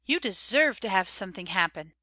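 Guy doing a cranky old nurse, way up high and quiet, sulky and scolding. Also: animated, fairly quick, dry recording, heavily acted. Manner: scolding, complaining. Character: old grumbling woman servant, fussy and sentimental. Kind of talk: audiobook character voice.

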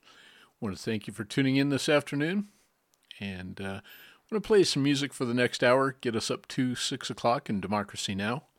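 A man hosting community radio, announcing in a relaxed way with a few fillers. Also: medium pitch, no echo, studio quality.

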